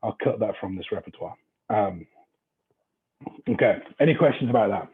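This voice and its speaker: A man's voice: fairly low pitch, animated, normal speed, slightly rough, phone-quality sound. A man with an English accent leading a real estate training class in a chatty, informal way, swearing now and then. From England.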